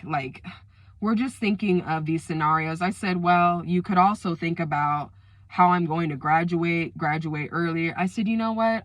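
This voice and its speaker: A woman telling a personal story time to her viewers, emotional and animated, acting out the quoted lines. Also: low voice, no echo. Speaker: storyteller vlogger.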